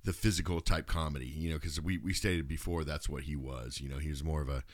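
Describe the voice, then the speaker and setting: A man's voice: extremely low pitch, steady tone, quick pace, no room sound. A man co-hosting a podcast, rambling casually about a movie and often saying "you know". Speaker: podcast co-host.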